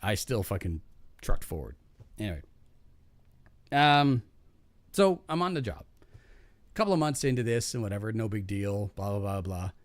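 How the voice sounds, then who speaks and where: A man spinning a rambling, profane work anecdote in a casual podcast chat. His pitch swings widely from low grumbles to sudden high bursts, and his voice sits close and dry on the mic with no room sound. He restarts his sentences often and laughs at his own punchlines. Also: animated, normal speed, pauses often, no echo.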